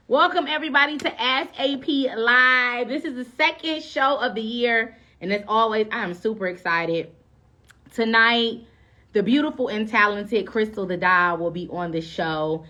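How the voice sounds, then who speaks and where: A woman's voice: a little high, moderate pace, bright, forceful tone. A woman hosting a live-stream show, chatting casually and greeting her viewers by name with bubbly, effusive energy.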